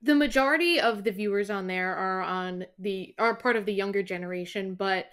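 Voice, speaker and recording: A woman's voice: medium pitch, moderate pace, a bit bright. Young woman from the US, guest on a chat show, chatty, upbeat, explains at length. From United States. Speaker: guest ukulele teacher. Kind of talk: casual interview chat.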